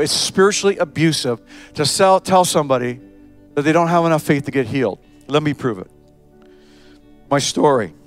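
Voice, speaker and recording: A male pastor with a high-pitched voice preaches with lively energy. He jumps into quick character voices to make his point. Soft music plays faintly behind him. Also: smooth. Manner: animated preaching, acts out voices of parents, children and Jesus. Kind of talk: sermon.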